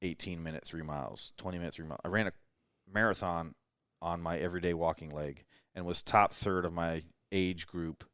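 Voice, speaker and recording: Deep-voiced man in his thirties, joking. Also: fairly even intonation, brisk, fairly bright tone, clear, resonant tone, no room sound, clean studio sound. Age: 30s. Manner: self-deprecating storyteller, joking. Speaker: podcast guest shooter. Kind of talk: casual late-night chat. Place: rental house living room.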